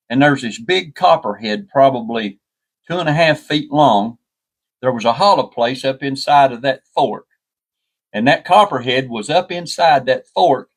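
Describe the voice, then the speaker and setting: A man telling a story in a folksy, rambling way, often restarting with "and, and". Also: medium pitch. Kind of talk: casual spoken storytelling.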